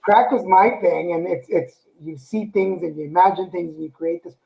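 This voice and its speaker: High-voiced male interview host. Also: gravelly, mellow, reverberant, low-quality recording. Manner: earnest, halting with "uh" and repeats. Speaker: live stream host. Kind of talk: interview talk.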